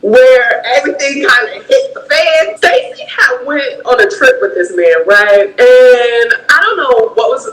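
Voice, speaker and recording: Bright-voiced, high-pitched woman, dramatic casual storytelling, echoey room. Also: unhurried, few pauses. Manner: animated, dramatic, acts out dialogue.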